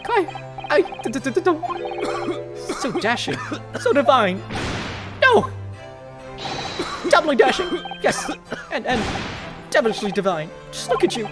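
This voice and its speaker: A man voicing an excitable, stammering male inspector who gushes in a squealing high voice during a game playthrough. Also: unhurried, long pauses, music in the background, heavily acted. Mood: flustered gushing. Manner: stuttering, gushing, squealing high.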